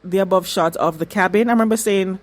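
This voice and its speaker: A woman in a casual TV reaction vlog, voice at an ordinary middle pitch. She talks back at the screen and stacks up repeated phrases for emphasis. She swears openly as she reacts. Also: quick pace. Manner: emphatic and repetitive, swears freely. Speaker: reaction vlogger.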